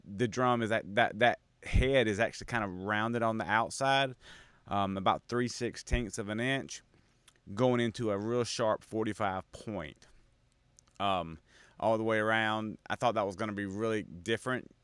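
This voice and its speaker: A man's voice: fairly low pitch, normal speed, fairly bright tone, smooth, no room sound. A man hosting, casually talking through a drum's tuning and sound with enthusiasm. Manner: enthusiastic, explains gear step by step. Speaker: host and drum maker. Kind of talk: casual demonstration talk.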